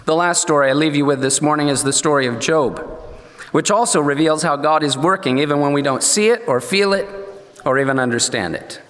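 A man preaching a sermon, telling a story with animated delivery and briefly acting out the voices of the people in it. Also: fairly high pitch, fairly quick. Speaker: pastor. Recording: long hall reverb.

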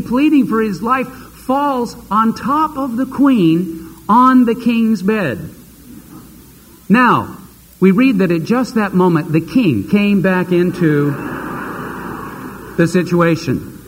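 A man's voice: sits high, slow, slightly rough, in a large hall, poor audio. A man preaching a sermon, retelling a scripture story dramatically and acting out the characters' voices.

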